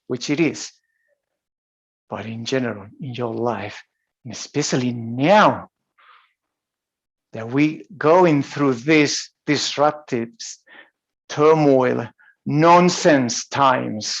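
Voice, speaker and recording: In a gravelly mid-range voice with a breathy edge, a man from Spain with a Spanish accent works as a high performance coach, recounting a personal story for a motivational talk. He keeps restarting and laughing, and the recording's highs are cut off.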